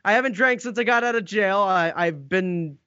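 High-voiced man, halting casual chat. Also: sharp tone, no echo. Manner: halting, many restarts, casual swearing. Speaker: podcast guest. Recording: dull lo-fi call audio.

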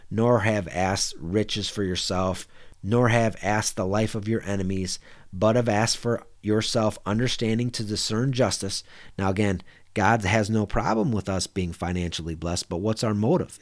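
A man preaching a conversational sermon, reading Bible verses and explaining them in a plain, repetitive way with frequent "you know.". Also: on the low side. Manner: conversational, repeats words and says "you know" often.

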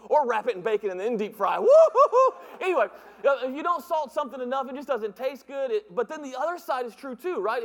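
Man, middle-aged, pastor, high-pitched voice, animated, joking, church hall reverb. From northern United States. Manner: animated, joking, mimics voices in his stories. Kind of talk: humorous sermon with storytelling. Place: church sanctuary.

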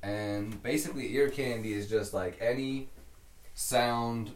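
A man hosting a podcast, giving a producer tip in a relaxed, rambling way. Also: medium pitch, a little slow, reverberant, far from the mic. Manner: relaxed, rambling with many "like" fillers. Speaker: podcast host and music producer. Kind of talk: casual podcast chat.

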